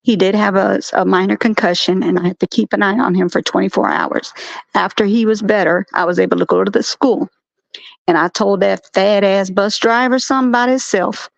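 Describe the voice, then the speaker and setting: A woman co-hosting a casual live stream chat, telling stories in an animated way. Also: mid-range voice, a little fast, gravelly, no room sound. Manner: animated storyteller, acts out quotes. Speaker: co-host. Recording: dull, dry lo-fi stream audio.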